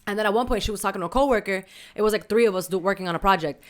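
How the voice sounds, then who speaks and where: A woman's voice: medium pitch, very fast. A woman podcast co-host telling a candid story in casual chat, full of slang and Spanish asides.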